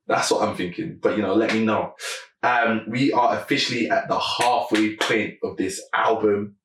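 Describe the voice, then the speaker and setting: A man's voice: on the low side, steady tone, moderate pace, a bit bright, far from the mic. A man hosting a music reaction video, thinking aloud in casual commentary with lots of fillers. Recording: echoey room, away from the mic.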